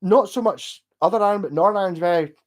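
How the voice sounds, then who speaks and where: A man with a Scottish Glasgow accent rambling in animated casual chat with his livestream viewers, swearing and laughing as he goes. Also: sits high, racing. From Scotland. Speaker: streamer chatting with viewers.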